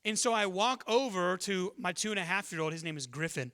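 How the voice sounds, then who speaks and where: A pastor from Texas preaching a sermon in a conversational, energetic storytelling manner. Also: male voice, high voice, a little fast. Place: church.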